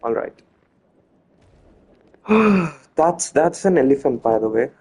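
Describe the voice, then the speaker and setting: A man's voice: on the high side, very animated, measured pace, darkish tone, a little hiss or hum, low-quality recording. A man casually talking viewers through a video game as he plays, chatty and often correcting himself mid-sentence. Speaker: gameplay commentator. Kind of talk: casual let's-play commentary.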